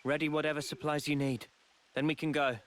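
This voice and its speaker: Man, actor as a calm male ally, measured explanatory tone, somewhat high pitch. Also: lightly acted.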